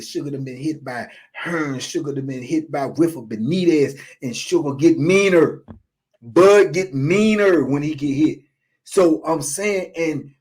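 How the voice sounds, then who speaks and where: A man in his fifties, a guest on an interview, talking casually and with animation, often asking "you know what I'm saying" and sometimes dropping to a low murmur. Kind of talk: casual boxing talk.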